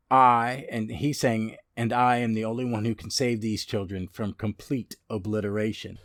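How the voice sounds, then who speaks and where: A man's voice: mid-range voice, dry recording, studio quality. A man hosting a comic book podcast, recapping issues in a rambling way full of fillers and restarts.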